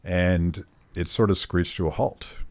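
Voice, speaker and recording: A middle-aged man hosting an interview podcast, with a very low, deep voice. He talks in a measured, casual way, with plenty of fillers and soft nods of agreement. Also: steady tone. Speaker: podcast host.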